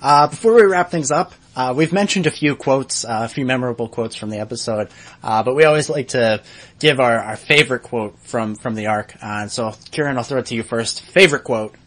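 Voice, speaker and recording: A man's voice: mid-range voice, fairly quick, a bit bright. A man hosting a podcast, steering the conversation in a friendly, attentive way. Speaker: podcast host. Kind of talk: casual podcast chat.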